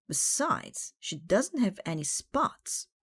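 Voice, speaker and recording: A woman's voice: mid-range voice, big pitch swings, slow pace, breathy edge, no room sound, clean studio sound, voice pushed up, full character voice. A woman reading the lines of a bossy male pirate captain in a children's storybook, with a bold, blustery delivery.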